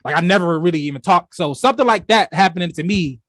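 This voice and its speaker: A man's voice: high-pitched, fast talker, a bit bright, no room sound, studio quality. A young man co-hosting a casual podcast, telling a long personal story in a rambling way, with lots of restarts and "you know". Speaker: podcast co-host.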